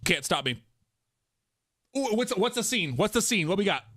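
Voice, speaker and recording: A young adult man streaming live, chatting to his viewers in an animated, jokey and self-mocking way, laughing often between script reads. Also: high-pitched, moderate pace. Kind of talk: casual live-stream chat while reading voice scripts.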